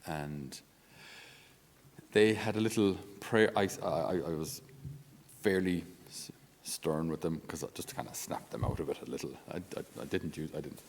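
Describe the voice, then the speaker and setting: A man's voice: very deep voice, moderate pace, a little mellow, big-room sound. A male Catholic priest giving an informal spiritual talk on his podcast in a conversational, down-to-earth way with self-deprecating humor.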